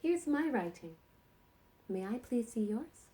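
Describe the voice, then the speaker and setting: A woman teaching sight words to young kindergarten children in a slow, encouraging sing-song way. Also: on the high side, very animated, dark tone.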